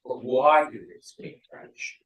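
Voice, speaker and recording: A man's voice: mid-range voice, slow pace, echoey room, recorded from a distance, lo-fi sound. A man from the United States telling a rambling, profane personal story in a casual way, slipping in bits of French and Spanish.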